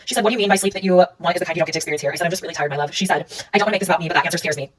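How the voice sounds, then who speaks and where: A woman telling a personal story in a casual monologue, rapidly recounting events and reading out text messages. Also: on the low side, far from the mic, low-quality recording.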